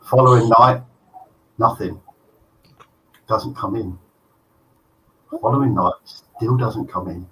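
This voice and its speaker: A man co-hosting a live show, telling a long corny joke in an animated, self-mocking way. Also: on the low side, takes it slowly, pauses often. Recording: distant mic, faint noise.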